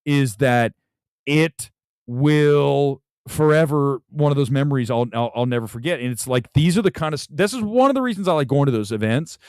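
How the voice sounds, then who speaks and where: A man's voice: mid-range voice, moderate pace, a little mellow, clear, resonant tone, dry recording, studio quality. A man hosting a livestream, telling a rambling story in casual chat with lots of restarts. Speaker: show host. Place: Los Angeles.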